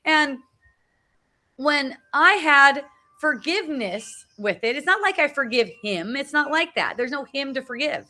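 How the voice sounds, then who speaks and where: A woman's voice: high voice, expressive, measured pace, sharp tone. A middle-aged woman sharing personal reflections in a casual, earnest way, often repeating herself and adding "right?" to her sentences, on a phone live video outdoors. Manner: earnest, repeats phrases, frequent tag "right?". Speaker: spiritual talk host. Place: outdoors at a beach.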